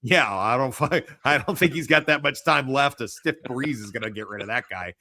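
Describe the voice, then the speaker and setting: Brief: American male podcast host, bright forceful voice, crude jokey banter. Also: medium pitch, moderate pace. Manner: loud, profane, joking. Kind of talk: casual chat.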